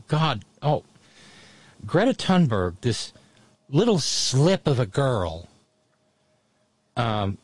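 A man's voice: medium pitch, breathy edge, no echo. Wry storytelling man, dry close sound. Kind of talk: casual political chat.

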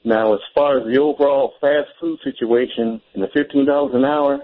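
A man calling into a radio talk show, making his points in an earnest, halting way with many fillers. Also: mid-range voice, wildly swooping pitch, gravelly. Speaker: caller. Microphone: telephone. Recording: tinny phone line.

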